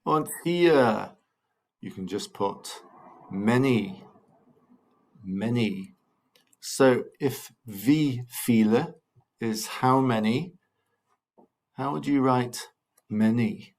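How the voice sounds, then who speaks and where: A man teaching a recorded German lesson, drilling numbers slowly and patiently with cheerful encouragement to his pupils. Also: medium pitch, gravelly, a little mellow. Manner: slow, patient drilling with repeated counting. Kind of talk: recorded language lesson for children.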